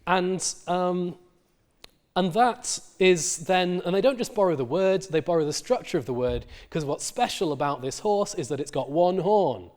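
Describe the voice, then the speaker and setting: A man's voice: high-pitched, moderate pace, darkish tone. A middle-aged male university lecturer explaining word history in a recorded lecture, with many fillers and restarts.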